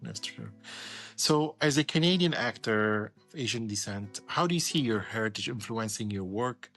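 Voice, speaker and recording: A man hosting an interview, soft-spoken and supportive, often giving short agreements. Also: on the low side, expressive, moderate pace, soft background music. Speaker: interview host. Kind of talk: casual interview conversation.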